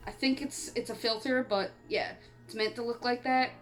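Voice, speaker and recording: A chatty woman from Canada rambles through a casual horror film review, laughing often and talking with the hiccups. Her voice sits a bit high, and soft music plays behind her. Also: steady tone, normal speed. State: has the hiccups. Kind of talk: casual movie review vlog. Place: home on an island in eastern Canada.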